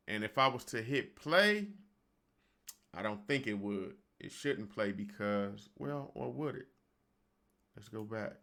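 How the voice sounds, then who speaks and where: Man, low voice, gravelly, laid-back tutorial host, studio mic, speaks to viewers as y'all. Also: pushed and bright. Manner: loose and conversational, addresses viewers as y'all. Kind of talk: casual screen-recorded software tutorial. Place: home recording studio. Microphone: studio microphone.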